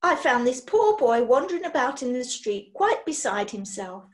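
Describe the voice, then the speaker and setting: A woman doing a brisk, prim young witch. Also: high voice, sing-song.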